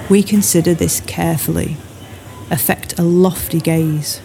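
A woman's voice: lowish voice, fairly even intonation, a little slow, gravelly, warm tone. A woman narrating an audiobook in a plain, matter-of-fact present tense. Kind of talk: scripted narration.

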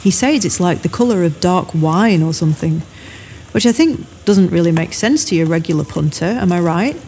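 A woman's voice: on the low side, lively intonation, normal speed, warm tone, slight background noise. A woman reading an audiobook, voicing a blunt, teasing adult woman who tells stories. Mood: storytelling. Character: brash chatty adult woman storyteller. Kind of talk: audiobook character voice.

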